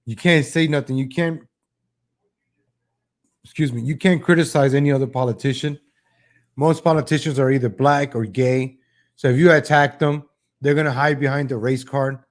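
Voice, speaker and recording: A man's voice: fairly even intonation, moderate pace, long pauses. A man hosting a political livestream who talks in a rambling, sarcastic way, with frequent restarts. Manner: mocking mimicry of politicians in a higher voice; says "ladies and gentlemen" often. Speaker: host of a political commentary show. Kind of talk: livestream commentary.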